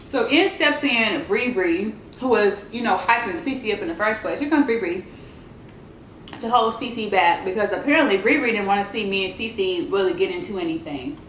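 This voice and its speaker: A woman vlogger telling a story in a chatty, animated way while she eats, and she calls her viewers y'all. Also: medium pitch, normal speed, echoey room, slight background noise, low-quality recording. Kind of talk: casual storytelling while eating.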